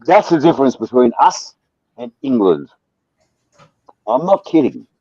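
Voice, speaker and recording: A man's voice: medium pitch, very animated, unhurried, warm tone, slightly rough, highs cut off. A man with an Australian accent ranting on a livestream panel, swearing constantly and talking over others. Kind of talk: heated livestream panel talk.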